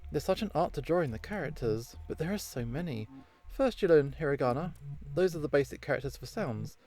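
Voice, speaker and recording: A man's voice: fairly high pitch, warm tone. A man voicing an earnest, chatty ghost who rambles wistfully, over faint game music.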